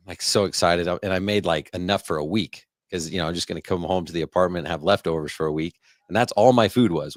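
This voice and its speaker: Man, podcast host, very low voice, laughing anecdote, dry sound. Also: no room sound. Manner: quick, laughing anecdote teller. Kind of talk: casual interview chat.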